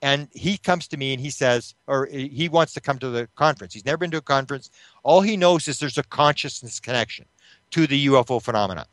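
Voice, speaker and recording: A man's voice: medium pitch, a little fast, no room sound. Dry-voiced man telling a story. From Canada. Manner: animated retelling that acts out quoted voices, with restarts. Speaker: interview guest, UFO researcher. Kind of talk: storytelling in an interview.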